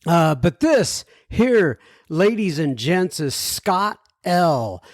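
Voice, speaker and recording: A man's voice: fairly high pitch, sing-song, drawn-out words, no echo, studio quality. A man hosting a recovery podcast, talking in a chatty, rambling way with chuckles and asides. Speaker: podcast host. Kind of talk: casual podcast intro.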